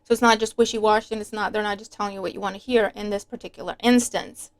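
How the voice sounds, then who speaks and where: A woman's voice: medium pitch, steady tone, fast. A woman giving a casual tarot reading to her viewers, chatty and emphatic, sometimes breaking into a rant. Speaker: tarot reader.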